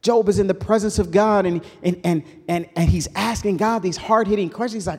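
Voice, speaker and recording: A man preaching a sermon in an animated call-and-response style. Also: high voice, fairly quick, few pauses, husky. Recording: reverberant hall.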